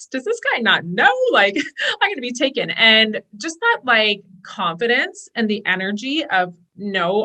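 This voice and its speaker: A woman's voice: mid-range voice, pushed and bright. A woman in her thirties, a business coach, chatting enthusiastically as a podcast guest. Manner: chatty, enthusiastic, quotes her own inner voice. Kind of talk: casual podcast conversation.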